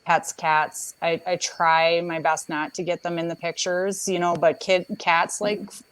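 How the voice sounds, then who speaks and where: A slightly low-pitched woman chatting about staging homes for sale. She talks hesitantly, with restarts and fillers. She is heard over a phone on a video call. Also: flat delivery, a little slow, smooth, no room sound, low-quality recording. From Minnesota. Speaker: home stager and photographer. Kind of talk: casual live chat.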